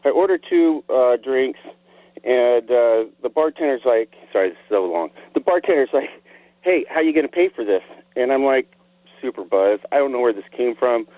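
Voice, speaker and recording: A man's voice: medium pitch, moderate pace, no echo. A man calling in to a radio show who tells an embarrassing story in a sheepish, laughing way. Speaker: caller. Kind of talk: call-in storytelling. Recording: dry phone line.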